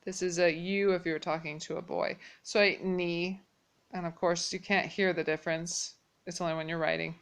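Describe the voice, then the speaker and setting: A woman teaching a language lesson at a whiteboard, explaining patiently and repeating each phrase slowly. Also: lowish voice, level tone, gravelly, smooth.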